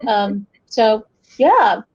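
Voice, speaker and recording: A woman's voice: on the high side, drawn-out words, breathy edge. A middle-aged woman from western North Carolina with an Appalachian Southern accent, telling stories as a guest in a casual interview. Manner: lively storytelling, shifts accent to match listeners. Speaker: guest folklorist. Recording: muffled lo-fi audio.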